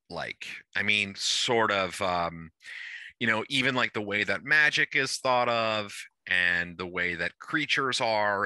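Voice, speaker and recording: A man with a lowish voice and a very bright, sharp, tense edge lays out game rules over an online call. He talks casually and rambles, circling back and restarting his sentences as he works out what to say. The sound is dry and close, with no room echo. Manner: rambling, thinks aloud with restarts. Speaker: game organizer.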